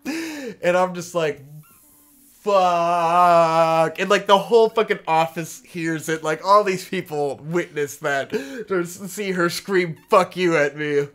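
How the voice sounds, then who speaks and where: A man's voice: high voice, expressive, unhurried, fairly bright tone. A young man casually telling a long story on a podcast, rambling and swearing, with a lot of "like" fillers. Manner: rambling, profane, lots of "like" fillers. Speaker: podcast co-host.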